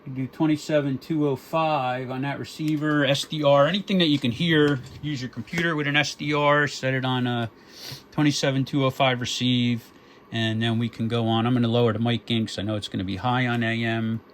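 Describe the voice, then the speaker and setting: A man's voice: mid-range voice, fairly even intonation, a little fast, slight background noise. A man casually demonstrating a radio, talking through his settings and counting test words into the mic. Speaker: radio equipment reviewer. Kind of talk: casual demo talk.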